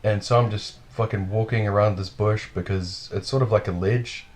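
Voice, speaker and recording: A man with a slightly low voice tells a wild story in relaxed podcast chat. He swears freely and talks animatedly, chuckling at his own tale. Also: moderate pace. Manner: animated, profane, laughs while telling.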